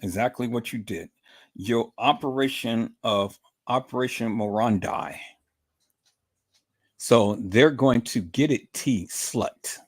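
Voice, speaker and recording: A man's voice: mid-range voice, slightly rough. A man hosting a livestream, taunting and repetitive as he calls out a rival and greets viewers in chat. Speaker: livestream host.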